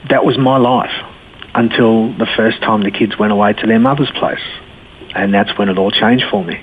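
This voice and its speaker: A man's voice: fairly low pitch, fairly even intonation, normal speed. A man in his forties with an Australian accent, a blunt, laid-back guest telling his life story and laughing easily. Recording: tinny phone-line sound, faint hiss.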